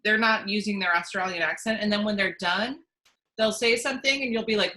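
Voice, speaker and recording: A woman's voice: medium pitch, brisk, pushed and bright, poor audio. A woman working as a casting director, answering interview questions in a chatty way with many restarts and fillers. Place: at home.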